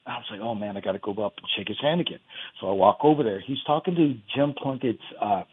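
A man calling in to a radio show, telling a story in a rambling, halting way over a phone line. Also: lowish voice, animated, slightly rough. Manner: rambling, halting, many restarts. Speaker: caller.

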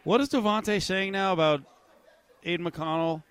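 A man's voice: high-pitched, moderate pace, fairly bright tone, clear, resonant tone. A man co-hosting a sports radio show, chatting casually and dropping wry, brief remarks.

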